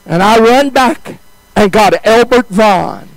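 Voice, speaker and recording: A male preacher telling a story in a sermon, swinging from high exclamations to hushed, drawn-out phrases. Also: vocal fry, no room sound, poor audio.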